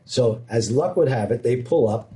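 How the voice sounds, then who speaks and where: Middle-aged man, riding instructor, mellow tone, animated storyteller. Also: mid-range voice, moderate pace. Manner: animated, self-deprecating humor. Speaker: motorcycle riding instructor, former police officer. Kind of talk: casual storytelling in conversation.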